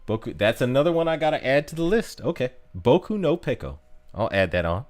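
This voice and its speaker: Chatty American man, lively pitch. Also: fairly quick. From United States. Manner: rambling and chatty, lots of fillers and restarts. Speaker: streamer. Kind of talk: casual live-stream chat.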